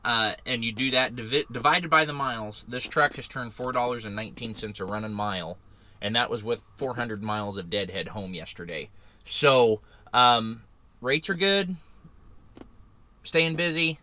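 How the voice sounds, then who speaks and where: An owner-operator truck driver vlogs from in and around his parked semi, talking in a loose, chatty way that rambles a bit. His medium-pitched voice is expressive, pushed and bright, at a normal speed.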